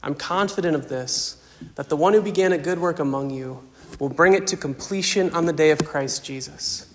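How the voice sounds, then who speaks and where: Soft-spoken pastor, reverberant church. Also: male voice, a little high. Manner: emotional, soft-spoken, slow pauses. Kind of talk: farewell sermon.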